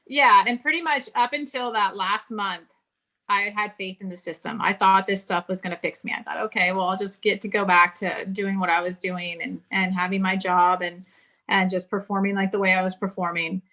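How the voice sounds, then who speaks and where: Woman in her 40s from California, interview guest, bright and forceful tone, recounts her past frankly. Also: mid-range voice, steady tone, normal speed. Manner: candid storytelling, quotes others in dialogue. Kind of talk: casual interview conversation.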